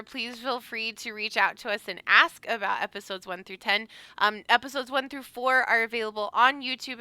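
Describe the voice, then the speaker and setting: A woman co-hosting a casual recap chat as game master, animated and laughing often, with many fillers. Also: sits high, dry recording. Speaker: podcast co-host and game master.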